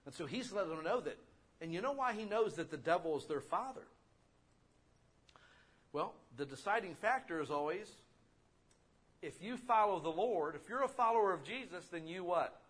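A male pastor with a high, slightly breathy voice preaches at a moderate pace, pausing often. His sermon is conversational and animated, full of rhetorical questions aimed at the congregation.

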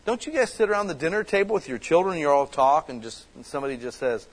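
A man's voice: a little high, expressive, fast, hardly any pauses, low-quality recording. A man preaching a casual, conversational sermon that builds to passionate emphasis as a church pastor. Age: adult with children.

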